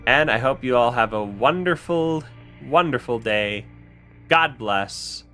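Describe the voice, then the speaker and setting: A man narrates his gameplay in an unhurried, rambling way, often breaking off and restarting his sentences. His voice is bright and forceful, and faint game music plays behind him. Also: mid-range voice, lively intonation. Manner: rambling, self-correcting, chatty asides. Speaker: let's play host. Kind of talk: casual gameplay commentary.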